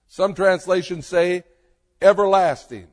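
A male pastor delivers his sermon in a high voice, slowly and emphatically, leaning on dramatic pauses. His words ring out with a long reverb, as if spoken in a large church sanctuary.

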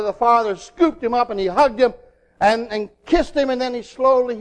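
A middle-aged man preaching a sermon in an animated way, acting out little voices in his asides. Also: high-pitched.

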